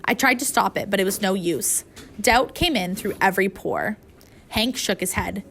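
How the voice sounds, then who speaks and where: A woman reading a first-person audiobook aloud, with an emotional, expressive telling. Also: mid-range voice, moderate pace, creaky, slight background noise. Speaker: audiobook narrator.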